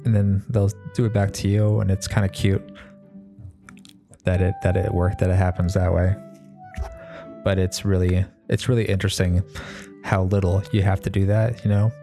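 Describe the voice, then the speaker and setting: Low-voiced man rambling casually. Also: little pitch movement, normal speed, creaky, pauses often, warm tone, soft background music. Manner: rambling, with many fillers and restarts; laid-back, swears casually. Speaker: mechanic. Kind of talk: casual monologue.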